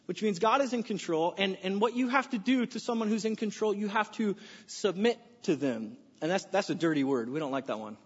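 An American pastor delivers a lively, conversational sermon with a fairly high voice. His words ring out in a large church sanctuary with a long reverb tail, and the recording sounds dull and muffled. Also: a little fast, husky. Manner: energetic, conversational preaching with folksy asides.

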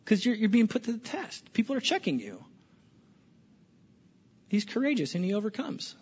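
A male small-groups pastor addresses a church hall audience in a conversational sermon, often restarting words and asking listeners questions. He has a high, sing-song voice, slightly mellow and husky, at a moderate pace; the recording is lo-fi and dull with hall echo.

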